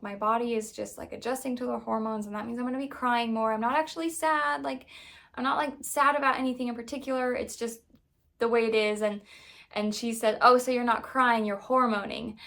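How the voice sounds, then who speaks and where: Chatty, slightly high-voiced young mom. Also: female voice, creaky, fairly bright tone. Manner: chatty and candid, many "like" fillers. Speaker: mom vlogger. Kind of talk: casual chat to camera.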